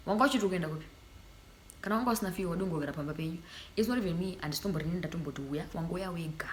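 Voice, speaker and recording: A young Zimbabwean woman vlogging in a casual sit-down chat, sassy and animated, slipping into Shona phrases. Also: fairly low pitch, rapid-fire, a little hiss or hum.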